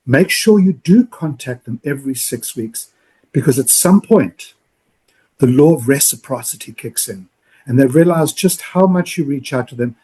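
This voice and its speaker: A man with a slightly rough, mid-range voice co-hosts a podcast and works as a loan officer. He coaches with energy and animatedly acts out sample phone calls in other voices.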